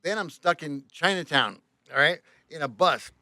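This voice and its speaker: A man telling a story as a tour bus driver on a podcast, animated, swearing often and acting out the other voices. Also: a little high, moderate pace, no room sound. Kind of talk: casual storytelling.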